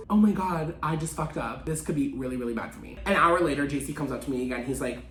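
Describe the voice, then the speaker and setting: A young man rattles through a story at a rapid clip, dramatic and swearing freely as he acts out the other people's lines. The room is echoey and faint music plays under him. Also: fairly bright tone. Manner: dramatic, swearing, acts out quotes in high voices. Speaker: vlogger. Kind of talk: casual storytelling.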